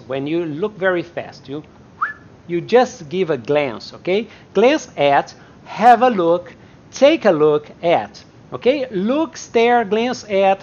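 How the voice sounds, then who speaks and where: A woman whose first language is Portuguese teaches English in a live online class. She speaks slowly, her pitch rising and falling a lot as she repeats sentences and acts them out. The stream audio is dull and lo-fi.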